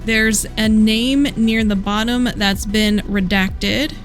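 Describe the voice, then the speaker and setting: A woman reading out the lines of a smug, mysterious male hacker from a video game, in a calm, deliberate way. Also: medium pitch, faint music behind, natural voice. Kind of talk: reading game dialogue aloud.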